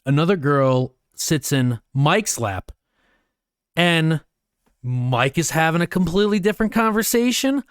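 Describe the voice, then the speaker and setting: A man co-hosting a podcast with a slightly higher voice, recorded close and dry with no room sound. He tells the story loosely, swears often, and his pitch leaps up when he plays out what people said. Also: a little slow, clear, resonant tone, no room sound. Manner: relaxed, swears freely, acts out quotes in a higher voice. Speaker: podcast co-host. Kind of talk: casual storytelling chat.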